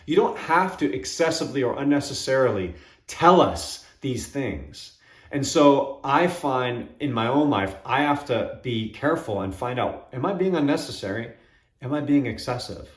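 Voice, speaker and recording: A man hosting his own channel, talking reflectively and retelling movie scenes with quick quoted voices. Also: mid-range voice, animated, echoey room. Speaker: channel host. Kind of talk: reflective solo talk to camera.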